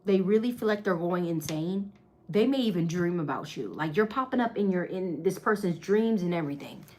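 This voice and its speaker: A woman's voice: on the low side, animated, a little fast, dark tone. A woman, giving a casual, chatty tarot reading to camera with lots of slang and giggling. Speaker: tarot reader.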